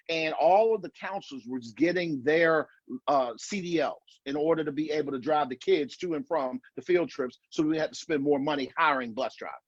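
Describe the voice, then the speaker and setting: Middle-aged male speaker, husky slightly raised voice, earnest and repetitive, dull video call audio. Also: on the high side, no echo. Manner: earnest, repetitive emphatic delivery with restarts. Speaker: marriage conference speaker. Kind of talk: online conference talk.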